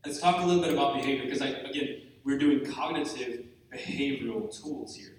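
A man's voice: mid-range voice, brisk, far from the mic, slight background noise. A man giving a candid, joking and self-deprecating talk to a live group at a retreat. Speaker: retreat speaker. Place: large room with an audience. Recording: echoey hall, mic from afar.

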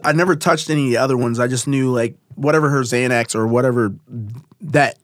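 A man's voice: mid-range voice, fairly quick, no room sound, clean studio sound. A man chatting casually, rambling with many fillers and restarts. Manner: rambling, lots of fillers and laughs. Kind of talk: casual podcast chat.

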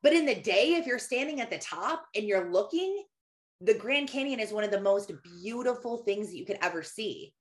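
A woman's voice: a little high, animated, moderate pace. A woman in her thirties giving a personal faith talk, telling stories in a chatty way with many fillers. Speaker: Christian speaker.

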